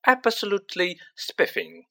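A man's voice: high-pitched, big pitch swings, unhurried, creaky, sharp tone, pitched above the performer's own voice, full character voice. A man voicing a mischievous, playful teenage twin boy in a storybook reading. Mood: mock-posh. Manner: playful, mock-posh.

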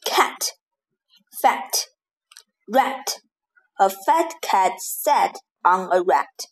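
Very slow woman reading rhymes. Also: mid-range voice, expressive, breathy edge. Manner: slow, deliberate word-by-word reading. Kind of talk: slow rhyming lesson for children.

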